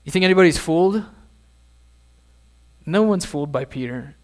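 A male pastor preaching a sermon in an easy, conversational manner, often turning to ask his listeners questions. His voice sits a bit higher than most men's. He sounds middle-aged. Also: expressive, normal speed.

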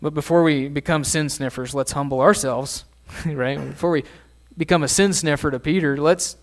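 A man's voice: a little high, fairly even intonation, moderate pace. A middle-aged man, a pastor, preaching a sermon in a conversational way and asking his listeners questions.

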